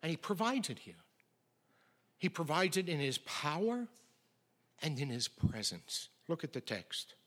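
A middle-aged male pastor preaching a sermon with emphatic swings from loud declarations to near whispers. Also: fairly high pitch, big pitch swings, measured pace, pauses often.

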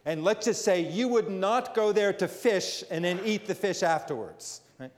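A man's voice: high-pitched, lively intonation, normal speed. A man from northern New Jersey giving a sermon, reading scripture and adding conversational asides. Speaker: preacher. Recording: long reverb of a large hall.

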